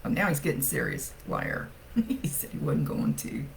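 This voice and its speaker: A woman's voice: very deep voice, huge pitch swings, normal speed, gravelly, slight background noise, rough recording. A woman psychic medium chatting casually through a reading, laughing often as she relays messages.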